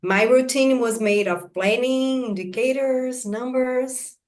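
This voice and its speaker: Slow, hesitant woman guest. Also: sits high, darkish tone. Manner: slow, hesitant, searching for words. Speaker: podcast guest. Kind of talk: reflective conversation.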